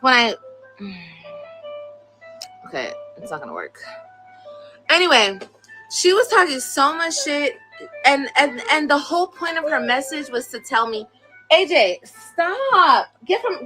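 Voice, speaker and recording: A woman's voice: high-pitched, very animated, measured pace, long pauses, sharp tone, soft background music. A young woman on a casual live stream, blunt and profane, scolding her children between complaints about critics. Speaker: livestreamer.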